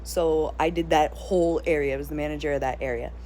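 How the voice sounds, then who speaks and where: A woman vlogger telling a long story in a casual, animated rant. She is blunt and sometimes profane, with a slightly low voice. A faint hiss runs under the recording. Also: fast.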